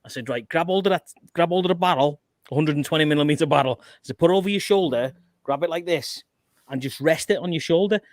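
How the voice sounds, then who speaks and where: A man's voice: a little high, quick pace, dry recording. A man hosting a livestream, swearing and laughing as he tells army stories and acts out the quotes. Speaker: host. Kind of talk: casual livestream chat.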